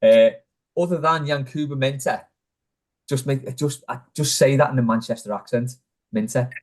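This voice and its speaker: A man's voice: medium pitch, normal speed. Chatty man hosting a fan podcast. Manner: laughs often, asks panel members in turn. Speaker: podcast host. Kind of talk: casual chat.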